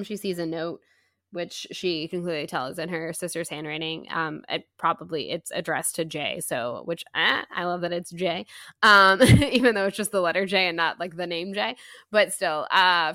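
A woman's voice: lowish voice, a little slow, pushed and bright, no room sound, clean studio sound. A woman co-hosting a podcast, retelling a book's chapters in a chatty, giggly way with many fillers. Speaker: podcast co-host. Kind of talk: casual book-club chat.

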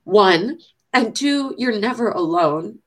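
A woman hosting a faith show, praying fervently and speaking warmly to viewers, given to repeating phrases and getting emotional. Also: mid-range voice, expressive, slow. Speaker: show host. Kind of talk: heartfelt prayer and chat to viewers.

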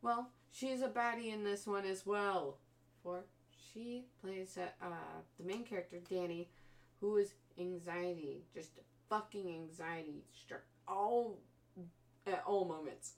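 A woman's voice: medium pitch, unhurried, distant mic. A woman casually retelling a horror film plot, swearing freely and mimicking the characters' voices. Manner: profane, animated storytelling with mimicked voices.

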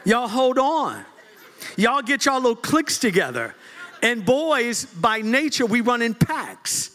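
High-pitched, joking man preaching. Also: unhurried, slight background noise. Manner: lively, joking preacher with frequent laughs. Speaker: pastor. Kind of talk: sermon.

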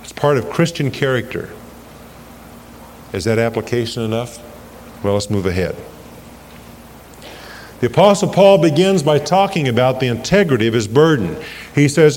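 A man's voice: medium pitch, sing-song, darkish tone. A man preaching a sermon, stressing scripture quotes and putting questions to his congregation. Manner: emphatic, slows down and swells on scripture quotes, asks the congregation questions. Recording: long hall reverb with faint ambient noise, 1980s church recording.

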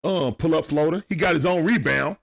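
A man giving casual, excitable play-by-play commentary on a live stream, chatting with his viewers in slang. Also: a little high, brisk, creaky.

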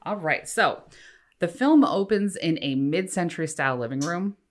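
A woman's voice: on the low side, animated, normal speed. A woman co-hosting a casual podcast, reading out facts and dropping wry asides. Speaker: podcast co-host.

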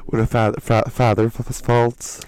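A Northern Irish man, a drag performer guesting on a podcast, quick to laugh in casual chat. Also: mid-range voice, monotone, a little mellow, poor audio.

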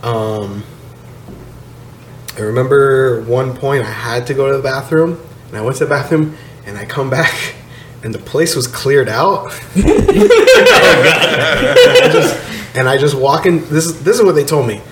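A man's voice: mid-range voice, unhurried, pauses often. A man casually telling a story on a podcast, laid-back and swearing, laughing as he goes. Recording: echoey room, slight noise.

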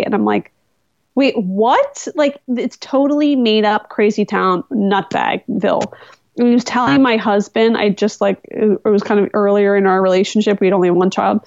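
A woman with a gravelly, fry-edged voice tells stories in a relaxed podcast interview, lively and incredulous as she goes. The sound is dry and a little dull, close to the mic. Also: medium pitch, no echo. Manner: animated, incredulous storyteller with laughs. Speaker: podcast guest. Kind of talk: casual interview storytelling.

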